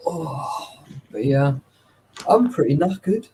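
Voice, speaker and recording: Man, casual swearing chat, fillers, slightly higher voice. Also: big pitch swings, unhurried, long pauses, mellow, slight background noise. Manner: swears freely, chatty with filler "like" and "right". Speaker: urban explorer.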